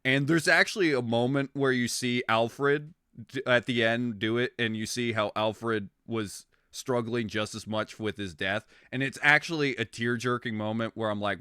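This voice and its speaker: A man chatting on a stream, rambling and excitable, swearing freely as he goes. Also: mid-range voice, normal speed, clean tone, no echo, clean studio sound. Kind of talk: casual stream chat.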